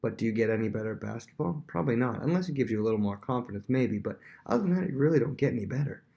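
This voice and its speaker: A man's voice: mid-range voice, lively intonation, rapid-fire, creaky, dark tone. A man who is a worship leader, teaching a casual Bible lesson with everyday examples and frequent restarts.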